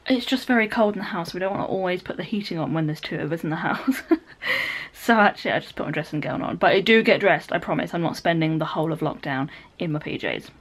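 This British twenty-something vlogger talks fast in a lowish, breathy voice. She's at home in her living room, chatting to the camera casually with plenty of giggles and rambling.

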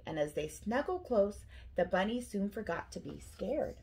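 A middle-aged woman, a school principal, reading a picture book aloud to children with expressive storytelling. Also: medium pitch, normal speed, breathy edge.

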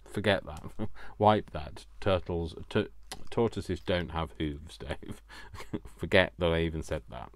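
Male craft vlogger, deep and unhurried, effusive self-talk with a faint hiss behind. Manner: gushing, gasping and talking to himself. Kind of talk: casual unboxing chat.

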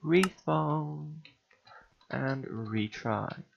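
A man's voice: on the high side, extremely slow, vocal fry, highs cut off, a little hiss or hum. A man giving casual gameplay commentary, frustrated and sighing, mocking himself as he mutters along. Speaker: gamer.

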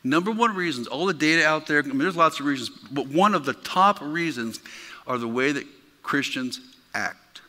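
A man's voice: a little high, lively intonation, normal speed, pushed and bright, in a large hall. A male pastor preaching a sermon in an emphatic, conversational way, talking directly to his congregation. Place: church sanctuary.

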